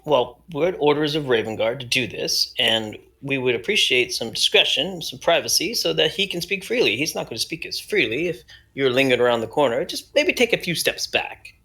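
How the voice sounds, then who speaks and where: A man's voice: mid-range voice, lively intonation, a little fast, few pauses, pushed and bright. A man playing a tabletop game, speaking politely and persuasively in character. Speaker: player.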